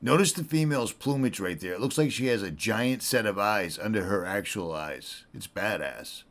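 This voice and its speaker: A man's voice: lowish voice, expressive, moderate pace, a bit bright. Man talking right into a camcorder mic. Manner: wry, self-mocking joking asides. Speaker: wildlife videographer. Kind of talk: on-the-spot wildlife vlog commentary. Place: outdoors on a snowy, windy mountainside in woods. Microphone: camcorder mic held very close to the face.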